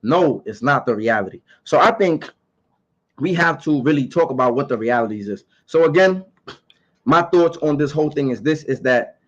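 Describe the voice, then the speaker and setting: A man's voice: on the high side, lively intonation, moderate pace, muffled recording. A man giving his opinions in a casual monologue to camera. He talks emphatically, repeats his points and asks rhetorical questions.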